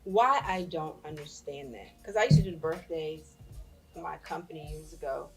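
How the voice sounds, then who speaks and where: A woman's voice: low-pitched, normal speed, faint music behind, rough recording. A woman on a talk show panel, speaking emphatically in a casual chat. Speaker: panel guest.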